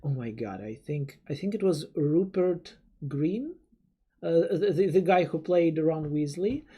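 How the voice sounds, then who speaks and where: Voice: medium pitch, expressive, a little slow, mellow, slightly rough. A young adult streamer, chatting casually with viewers in a rambling way, full of stammered restarts and offhand swearing. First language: Russian. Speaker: streamer reading chat. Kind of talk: casual live-stream chat.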